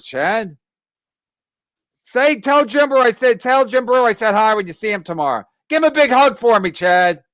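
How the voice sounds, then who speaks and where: A man's voice: sits high, big pitch swings, normal speed, a bit bright, dry recording. A man hosting a podcast, badgering and profane in heated banter, reading out listener comments. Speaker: podcast host.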